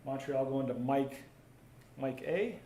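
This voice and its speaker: Opening packs during a live card break, a warm-toned man talks casually and reads out comments from viewers. His pitch is medium and his pace slow, and the audio carries roomy echo plus a faint background hum of ambient noise.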